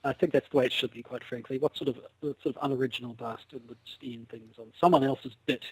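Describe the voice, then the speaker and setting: A man's voice: medium pitch, steady tone, fast, slightly rough, dry recording, low-quality recording. A man co-hosting a podcast over a video call, wry and rambling, often restarting his sentences. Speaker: podcast co-host. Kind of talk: casual chat over a call.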